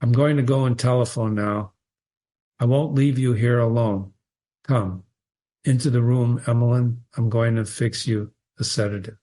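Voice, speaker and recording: A man voicing a small-town doctor who speaks softly and reassuringly. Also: mid-range voice, steady tone, normal speed, voice pushed down, natural voice. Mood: gentle.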